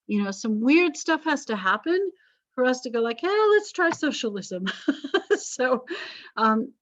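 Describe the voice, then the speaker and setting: A woman history teacher in middle age talks through a lecture in a rambling, chatty way, breaking off for self-deprecating asides. Her voice sits at an ordinary pitch, and the recording is dry and slightly dull. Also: dry recording.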